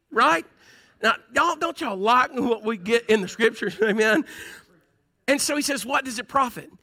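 A Southern pastor preaching in a folksy, conversational way, drawing his congregation in with questions and "Amen?". His voice sits high for a man and sounds bright and ringing. He moves between loud, lifted passages and quieter ones. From Southern United States. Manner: folksy, call-and-response preaching with laughs and "Amen?". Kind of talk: sermon.

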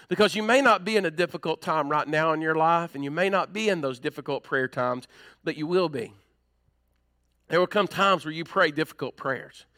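A male pastor delivering an emphatic sermon, climbing higher as he presses his points. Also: bright, forceful tone. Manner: emphatic, rising in pitch when preaching hard.

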